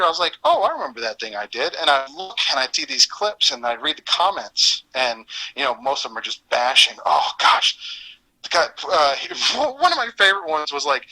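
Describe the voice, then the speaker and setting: Man, former voice actor, animated storyteller, lively pitch, very bright tone. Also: poor audio. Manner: animated, laughs often, acts out quoted dialogue. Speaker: former voice actor, interview guest. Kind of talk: casual interview storytelling.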